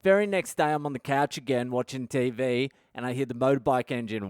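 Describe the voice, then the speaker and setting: An Australian man in his thirties hosting a podcast, telling a crude, animated story full of swearing. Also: medium pitch, fairly quick, hardly any pauses, smooth, dry recording, clean studio sound. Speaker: podcast host. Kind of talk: storytelling monologue.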